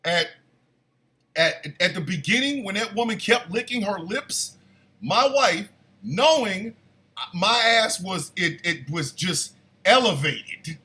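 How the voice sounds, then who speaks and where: A man hosting a morning show, telling a comic story in a casual, animated way with loud bursts of disbelief. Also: sits high, slow pace.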